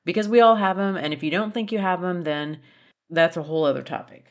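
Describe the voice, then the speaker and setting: A woman's voice: on the low side, a little fast, dull audio. A middle-aged woman hosting a solo podcast, talking earnestly and challenging listeners with pointed questions. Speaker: podcast host. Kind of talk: reflective solo podcast talk.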